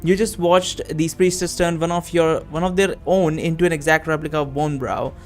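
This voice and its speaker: A man's voice: a little high, steady tone, moderate pace. Swearing casual man reading a game. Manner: profane, laughing, casual. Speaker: gamer playing a text adventure. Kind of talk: let's play commentary and reading aloud. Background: background music.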